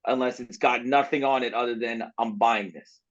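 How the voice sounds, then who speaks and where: A man's voice: mid-range voice, steady tone, moderate pace. A man with a mid-range voice chats on a podcast, asking questions and working through his ideas aloud with many restarts. His mic sounds a bit dull and muffled. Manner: thinks aloud, asks questions, restarts phrases. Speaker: podcast co-host. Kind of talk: casual chat.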